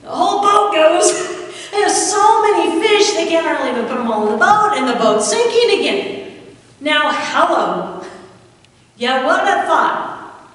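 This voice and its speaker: A high-voiced woman preaching a sermon in a church hall, her voice heard from a distance. She tells the story with lively swings and sudden hushed drops. The big space adds a long, booming reverb. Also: a little slow, pauses often. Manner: animated storytelling with dramatic drops to a hush. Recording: echoey hall, far from the mic.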